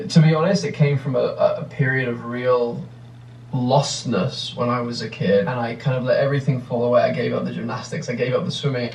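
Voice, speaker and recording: English man rambling with a gravelly edge. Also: medium pitch, echoey room, distant mic, slight background noise, rough recording. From England. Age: 30s. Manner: rambling and reflective, many restarts. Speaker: actor answering fan questions. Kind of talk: casual interview answers.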